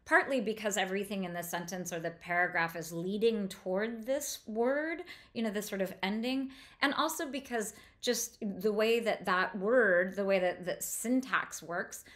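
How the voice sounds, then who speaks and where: A woman giving an enthusiastic literature lecture, breaking down a passage sound by sound and slowing down to read lines aloud. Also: mid-range voice, fairly bright tone. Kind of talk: close-reading lecture.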